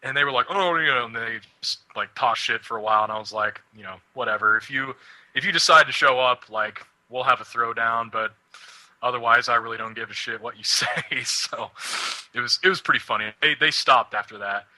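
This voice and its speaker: A man's voice: mid-range voice, a little fast, pushed and bright, dry recording, poor audio. A young man co-hosting a casual radio show, rambling and swearing, laughing often. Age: young adult. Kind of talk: casual chat.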